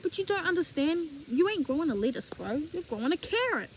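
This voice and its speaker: A young woman giving a casual faith talk as a vlogger, animated and slangy, acting out imagined dialogue. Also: very high-pitched, fairly quick, slight background noise, poor audio.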